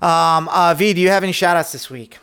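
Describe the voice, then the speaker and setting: Smooth-voiced laid-back man chatting. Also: a little high, fairly quick, fairly bright tone. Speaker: podcast co-host. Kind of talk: casual chat.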